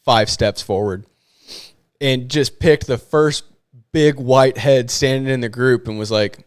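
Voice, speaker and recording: A man co-hosting a podcast, telling a hunting story in an animated way and acting out what people said. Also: mid-range voice, unhurried, clean tone, dry recording, clean studio sound. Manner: animated storyteller, acts out quotes. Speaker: podcast co-host. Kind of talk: casual chat.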